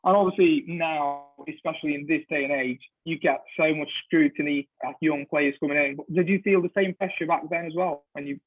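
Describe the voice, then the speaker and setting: A man's voice: on the high side, fairly even intonation, fairly quick, hardly any pauses, no room sound. A podcast co-host, a man, asks a long, winding question packed with "obviously" over a tinny, phone-like line. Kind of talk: casual interview question.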